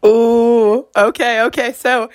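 This young woman speaks slowly in a slightly high, fairly flat voice, recorded with no room sound. She's co-hosting a student podcast, chatting in a loose, rambling, self-deprecating way.

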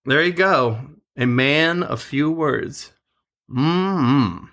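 A young man in his twenties co-hosts a casual chat, rambling through stories with frequent laughs. His voice has a gravelly edge. The tone is bright and forward. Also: a little high, slow. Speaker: podcast co-host.

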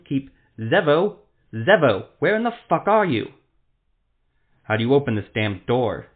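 A man narrating a fantasy story in a measured, dramatic reading. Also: lowish voice. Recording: tinny phone-like lo-fi sound.

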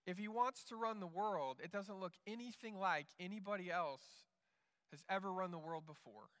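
Male pastor, earnest sermon, bright tone, long hall reverb. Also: sits high, normal speed, smooth. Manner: earnest, repeats words as he restarts.

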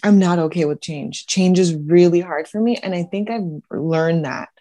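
A woman's voice: fairly low pitch, moderate pace, dark tone. A woman co-hosting a podcast from home, talking candidly and reflectively in casual chat, with lots of "like". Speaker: podcast co-host, psychologist.

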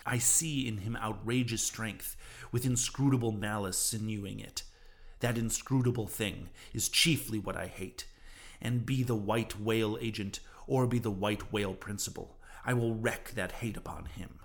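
A man's voice: on the low side, steady tone, normal speed, creaky. A man voicing an obsessed, vengeful old male sea captain in a fervent, declaiming way.

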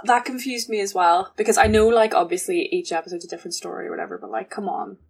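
A woman's voice: medium pitch, vocal fry, slightly rough. A young woman co-hosting a podcast, joking and laughing as she chats about a cartoon episode. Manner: lively, giggly, quick to joke. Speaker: podcast co-host. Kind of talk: casual chat recapping a cartoon episode.

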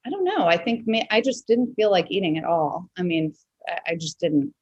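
A woman's voice: fairly low pitch, animated, normal speed, darkish tone, husky, dry recording, lo-fi sound. A woman hosting a podcast interview, talking in a reflective, conversational way with many fillers. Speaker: podcast host. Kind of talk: casual interview chat.

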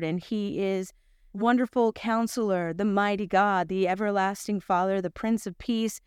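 A middle-aged woman teaching a Bible lesson, telling a personal story with lively voices for the people in it. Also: mid-range voice, smooth, dry recording, studio quality. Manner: animated storyteller, acts out quoted voices.

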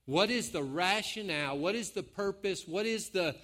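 A man's voice: sits high, lively intonation, moderate pace, fairly bright tone. A man preaching a sermon in a folksy, joking way, speaking to his congregation. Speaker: pastor.

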